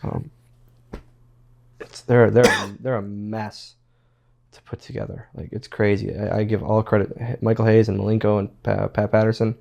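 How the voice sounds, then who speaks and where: A man's voice: on the low side, level tone, moderate pace, vocal fry, dark tone, lo-fi sound. A man, a former pro wrestler, telling stories as a guest in a casual interview, rambling and repeating words as he quotes others.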